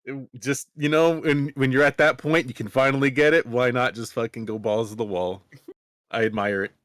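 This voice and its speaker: A man's voice: mid-range voice, fairly even intonation, moderate pace, fairly bright tone, no echo, studio quality. A man co-hosting a podcast, joking sarcastically in casual chat. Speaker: podcast co-host.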